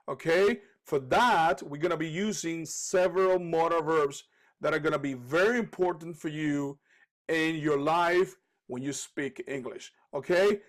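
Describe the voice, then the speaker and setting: A man with a Cuban Spanish accent teaching an English lesson in a casual, repetitive way, saying okay and um often and repeating his example sentences. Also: on the high side. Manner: repeats example sentences slowly, frequent okays and ums.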